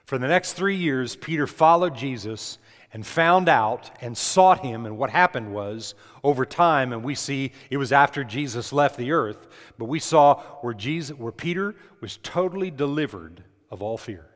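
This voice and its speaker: A man preaching an emphatic sermon, pitched in an ordinary middle range. He puts questions straight to the congregation, and a long reverb trails each phrase. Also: lively intonation, moderate pace, a bit bright. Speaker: pastor.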